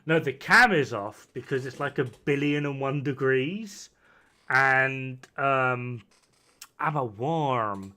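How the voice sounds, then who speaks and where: A UK man chats slowly on a stream from a room at home with his camera off, his medium-pitched voice sharp in tone. Tipsy on whiskey, he's rowdy and swears through self-mocking banter.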